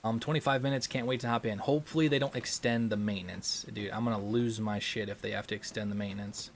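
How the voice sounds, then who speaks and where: A man's voice: fairly low pitch, fast talker, slight background noise. A young man hosting a gaming livestream, chatting casually and answering super chats with lots of ums and restarts. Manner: relaxed, rambling, frequent ums and restarts.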